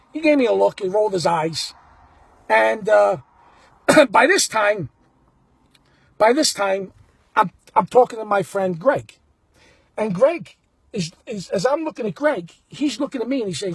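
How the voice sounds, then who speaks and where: Animated man telling a story, husky voice. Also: high-pitched, moderate pace, long pauses, no echo. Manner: animated, blunt, acts out the quotes. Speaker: baseball fan telling a story. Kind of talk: casual storytelling to camera.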